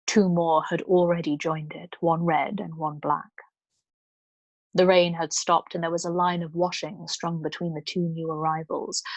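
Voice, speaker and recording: A woman storyteller reading a novel aloud in a calm, measured way. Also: fairly low pitch, no room sound. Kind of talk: bedtime book reading.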